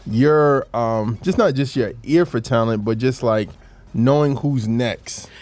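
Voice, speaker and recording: A man hosting a casual interview, asking his guest relaxed, searching questions with some fillers. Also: medium pitch, slow. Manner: easygoing, probing questions with fillers. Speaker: host.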